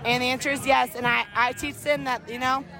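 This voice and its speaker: A woman's voice: sits high, level tone, a little fast. A woman interviewed outdoors at a tailgate, talking bluntly in a tipsy, rambling way. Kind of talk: casual chat at a tailgate. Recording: noisy outdoor crowd recording. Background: crowd and music.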